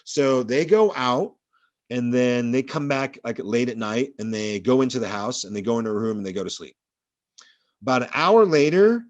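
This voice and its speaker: A male professor giving a rambling, anecdotal classroom lecture full of fillers. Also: medium pitch.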